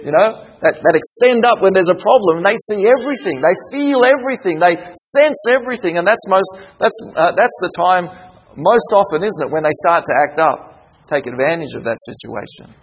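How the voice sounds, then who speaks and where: A man preaching a sermon, animated, acting out prayers with a raised voice and repeating words as he searches for them. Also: sits high, moderate pace, husky. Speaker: pastor.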